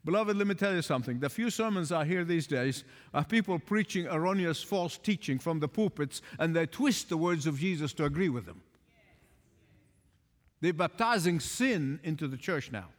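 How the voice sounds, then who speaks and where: High-voiced pastor preaching, swoops up and down, lots of chuckles, big echoey hall. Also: male voice, expressive, moderate pace. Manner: emphatic preacher, rising loud on key points, chuckling often. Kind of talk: sermon.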